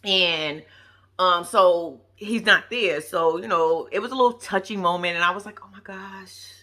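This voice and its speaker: A woman's voice: on the low side, unhurried, pushed and bright. A woman giving casual, profane, gossipy commentary on a reality TV episode, laughing often as she talks. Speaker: reality TV recap vlogger.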